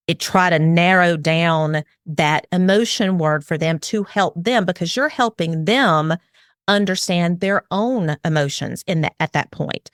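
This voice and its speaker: A woman's voice: fairly low pitch, moderate pace, no room sound, studio quality. A middle-aged woman, a parenting expert, talks earnestly in an interview and explains her advice, acting out what a parent might say. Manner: earnest and explanatory, acts out parent and child lines.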